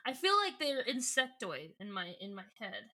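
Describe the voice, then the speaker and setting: A woman's voice: on the high side, very animated, moderate pace, sharp tone. A woman co-hosting a podcast, recapping a book in casual chat, giggly and swearing casually. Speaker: podcast co-host.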